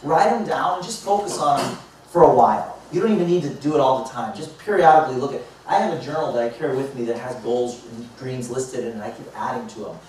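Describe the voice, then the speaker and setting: A motivational speaker in his fifties tells lively stories to a live audience, acting out both sides of each conversation. He talks fast with a mid-range voice. The mic is distant in an echoey hall, with faint background noise.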